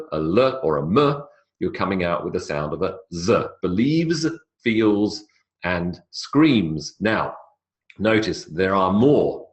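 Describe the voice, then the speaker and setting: A man giving an English pronunciation lecture, stretching out example words slowly and jumping up in pitch to stress them. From not South America. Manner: slow, drawn-out model words, lively pitch jumps on examples. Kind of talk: classroom lecture.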